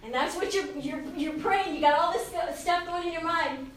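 Speaking to a youth audience about faith, this woman in her fifties has a high voice and a normal pace. She laughs a lot, stays chatty, and performs inner voices; the distant hall recording carries faint ambience plus a little hiss or hum.

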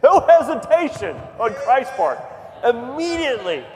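A man preaching a sermon in a church, moving from quiet storytelling to fervent, near-shouted appeals. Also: extremely high pitch, sing-song, unhurried, a crowd in the background. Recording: long hall reverb, faint ambience.

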